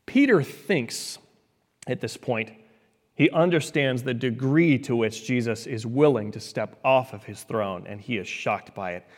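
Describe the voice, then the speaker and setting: A male preacher delivers a sermon in an earnest voice that rises for emphasis and drops low and soft to drive points home. His words carry a long reverb, as if from a large church sanctuary. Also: a little slow. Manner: earnest, rising and falling emphasis.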